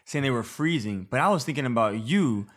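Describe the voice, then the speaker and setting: A man's voice: medium pitch, animated, a little fast. A man from Louisiana, a pastor being interviewed, speaking earnestly about his book. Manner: earnest, flowing. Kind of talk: interview guest.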